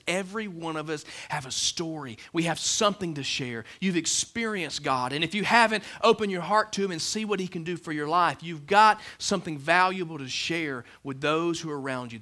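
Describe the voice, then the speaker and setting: A man, preaching a sermon as pastor of a church, swinging between loud emphasis and hushed lines. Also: fairly high pitch, fairly quick, few pauses. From Alabama, USA. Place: church sanctuary with a congregation.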